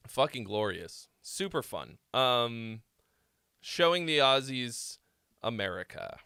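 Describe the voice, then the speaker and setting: A man's voice: medium pitch, sing-song, slow pace, sharp tone, clear, resonant tone, no room sound, studio quality. A young man hosting a casual livestream, telling rambling stories full of swearing. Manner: laid-back storytelling, heavy swearing. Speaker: host.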